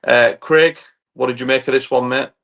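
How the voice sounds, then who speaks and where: A man's voice: mid-range voice, normal speed, creaky. A man hosting a casual football podcast who chats easily and hands the floor to his co-hosts with plenty of fillers. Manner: relaxed, hands over to co-hosts with filler words. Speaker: podcast host.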